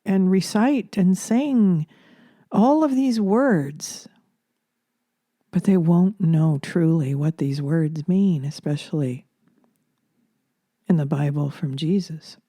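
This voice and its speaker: A woman speaks slowly and softly into a close microphone, drifting through a reflective spiritual monologue full of pauses and ums. Her voice is very dark and mellow, a little low in pitch, and the sound is dry and close. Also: dry recording. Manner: soft-spoken, drifting into whispers, hesitant fillers. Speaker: spiritual channeler and podcaster.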